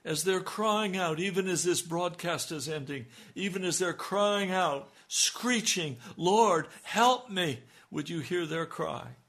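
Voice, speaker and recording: A husky, gravelly man leads a fervent radio prayer, his voice a little high for a man. He pleads and calls out with passion. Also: unhurried, hardly any pauses, a bit bright. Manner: fervent, rising to pleading cries. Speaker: radio preacher.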